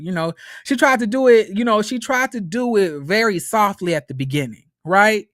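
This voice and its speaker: Profane, animated man recapping reality TV. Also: high-pitched, fairly quick, few pauses, dry recording, clean studio sound. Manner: animated, profane, addresses viewers as y'all. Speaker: reality TV commentator. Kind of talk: casual commentary vlog.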